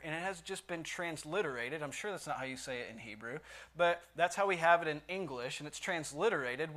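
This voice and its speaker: Male Bible teacher, slightly higher voice, chatty, asks the class questions, reads verses with force. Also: a bit bright. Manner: conversational, asks the listeners questions, reads scripture aloud with emphasis. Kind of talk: Bible study lesson.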